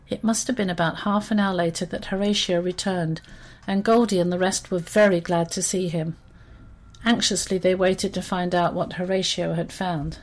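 A woman reading a children's story aloud in an expressive, steady storytelling manner. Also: lowish voice, normal speed.

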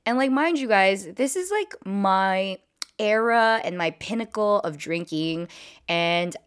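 Animated young woman telling a story. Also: medium pitch, takes it slowly, clean tone. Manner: animated, full of "like" and "you know". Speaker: vlogger. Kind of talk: casual storytime.

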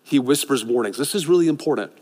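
A middle-aged man preaching a sermon as a pastor, swinging between loud excited passages and hushed, intimate ones. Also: medium pitch, quick pace, husky. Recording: long hall reverb.

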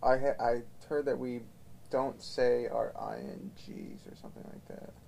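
An easygoing man chimes into a casual podcast chat with short remarks. His mid-range voice has a strongly gravelly, fry-heavy texture. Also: medium pitch, steady tone, measured pace, mellow, a little hiss or hum.

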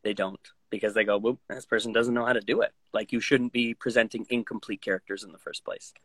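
A man's voice: on the low side, fast talker, husky, no echo. A man who works as a voice actor, chatting casually in an interview and slipping into voices and impressions as he talks. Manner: animated, jumps into voices and impressions mid-sentence. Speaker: voice actor guest.

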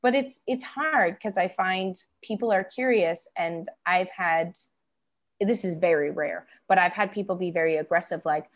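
Animated young woman telling stories. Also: moderate pace. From Canada. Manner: animated storytelling, acts out quoted exchanges in a higher voice. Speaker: interviewee. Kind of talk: casual conversational interview.

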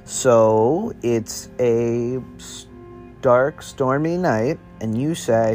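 A man's voice: medium pitch, extremely slow, a little mellow, soft background music. A man making up a spooky story as he goes, in a meandering, offhand, slangy way. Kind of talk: improvised spooky story narration.

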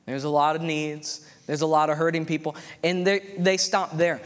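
A man preaching a sermon in a slightly high voice, his words ringing out in a long, hall-like reverb. He speaks fervently and repeats his points, punctuating them with amens and hallelujahs. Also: steady tone, moderate pace.

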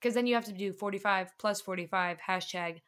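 A woman's voice: mid-range voice, fairly quick, a bit bright. A young woman from the northern US co-hosting a podcast in casual chat, chatty and self-deprecating, laughing often. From northern United States. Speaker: podcast co-host.

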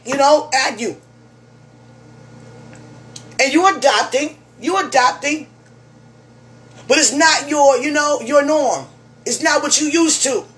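A woman's voice: high voice, fairly bright tone. A woman giving a fervent, emotional spiritual message to one listener, preaching and repeating her phrases.

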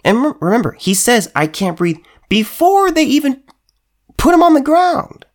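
An extremely high-pitched, sing-song male voice at a moderate pace belongs to a political commentator in the middle of a heated, emphatic monologue. He keeps repeating phrases and stumbling into restarts.

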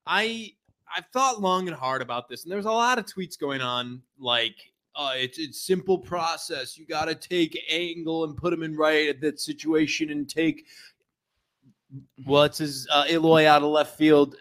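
A man co-hosting a casual sports podcast, arguing his point excitedly and swearing freely. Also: fairly high pitch, unhurried.

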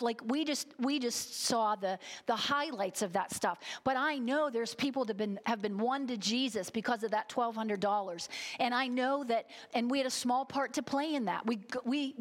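Emotional woman preaching a sermon. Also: fairly high pitch. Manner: storytelling, emphatic, gets emotional.

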